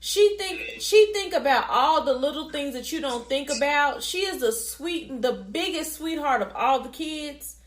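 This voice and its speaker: Casting note: a high-voiced woman in her forties, blunt and cussing freely, recorded in an echoey room. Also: expressive, a little slow, hardly any pauses. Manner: blunt, profane and laughing. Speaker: podcast co-host. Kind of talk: casual chat.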